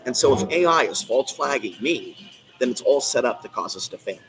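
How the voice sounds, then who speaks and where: A man's voice: mid-range voice, lively intonation, normal speed, a bit bright, faint music behind, poor audio. A man hosting a live stream, ranting in an agitated, rambling, repetitive way from a coffee shop. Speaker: channel host.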